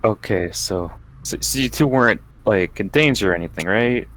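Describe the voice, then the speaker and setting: A man's voice: lowish voice, normal speed, a bit bright. A man playing a tabletop game, talking in character in a playful, laughing way with stammering restarts. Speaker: player. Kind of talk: casual in-character tabletop play.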